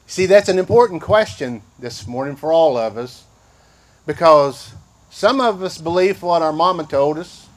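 A man's voice: fairly high pitch, animated. An older man, preaching a sermon in a folksy, conversational way. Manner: slow and drawn out. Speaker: pastor.

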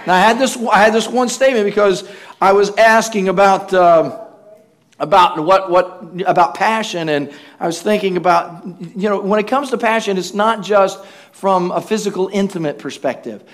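High-voiced, animated preacher man. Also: normal speed. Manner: animated storytelling, acts out quoted voices with humor; asks the congregation for responses. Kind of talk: sermon.

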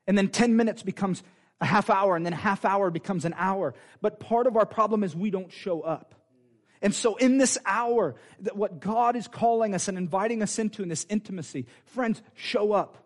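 A man preaching a sermon in a fervent, conversational way, with quick asides to the congregation. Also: high voice.

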